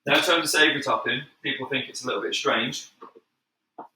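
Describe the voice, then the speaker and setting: A man's voice: mid-range voice, fast talker, pushed and bright, roomy sound, slight background noise, low-quality recording. A man from Manchester with a Mancunian accent, a professional chef chatting casually to viewers during a live cooking stream from his home kitchen. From England. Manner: chatty, upbeat, addresses viewers as "guys", moves around the kitchen.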